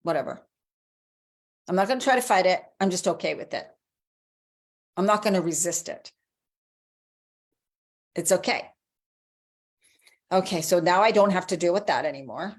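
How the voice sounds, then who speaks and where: Encouraging woman coach, low voice. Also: expressive, normal speed, long pauses. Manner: encouraging, conversational, acts out inner voices. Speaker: life coach. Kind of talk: motivational video talk.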